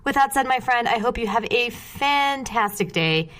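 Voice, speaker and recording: A woman's voice: a little high, expressive, normal speed, fairly bright tone. A Californian woman hosting a podcast, chatty and upbeat, laughing easily with her guest. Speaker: podcast host. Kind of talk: casual podcast interview and outro.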